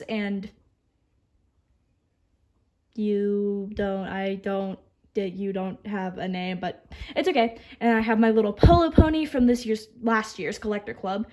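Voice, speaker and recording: A young woman with a voice on the high side gives a chatty, upbeat tour of her model horse collection. She stutters and restarts now and then, and her asides trail off softly.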